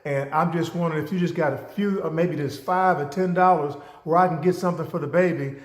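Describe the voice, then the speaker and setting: A man plays a desperate young man who begs in a pleading, rambling way. His voice sits somewhat high and echoes in a roomy space. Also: steady tone, quick pace, close to an everyday voice. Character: desperate young man begging for baby money. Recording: roomy echo.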